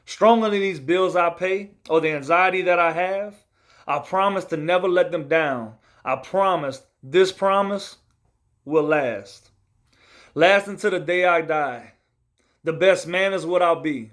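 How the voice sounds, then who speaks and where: A man's voice: high-pitched, unhurried, fairly bright tone. A man in his thirties reciting a rhymed spoken-word poem about his own life, in an earnest, heartfelt, confessional way. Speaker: storyteller.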